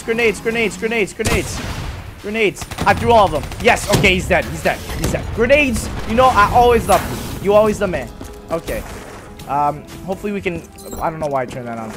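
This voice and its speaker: Excitable young gamer, high voice. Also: male voice. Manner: excitable, swearing, talks to the game. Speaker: gaming YouTuber. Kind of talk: live gameplay commentary. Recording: voice over loud game audio.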